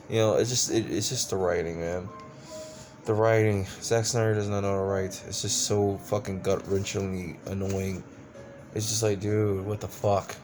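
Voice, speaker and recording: A man's voice: on the low side, a little mellow. A man reviewing a movie in a casual rant, exasperated and profane, rambling with lots of restarts. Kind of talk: casual ranting film review.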